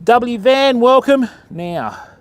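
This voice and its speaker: A man's voice: very high voice, expressive, takes it slowly. An Australian man hosting a live fishing stream outdoors, chatting as he rigs his line and greets viewers in chat by name. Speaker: fishing livestream host. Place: outdoors on a beach.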